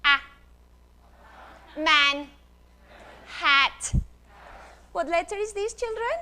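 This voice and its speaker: Speaking extremely slowly in a very high, bright, pushed voice with lively intonation, a woman presents phonics to an audience from a stage. She hams it up playfully, demonstrating like a classroom teacher and getting the crowd to repeat each sound after her.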